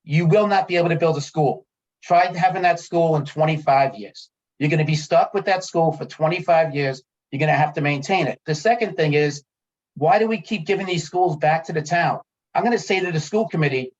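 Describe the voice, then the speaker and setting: A man's voice: on the high side, a little fast. A man in a town meeting room, worked up and frustrated, circling back to the same points again and again. His voice comes through dull, lo-fi meeting audio. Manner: frustrated, heated, repeats himself. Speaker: resident speaking at a town committee meeting. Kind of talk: public comment at a meeting.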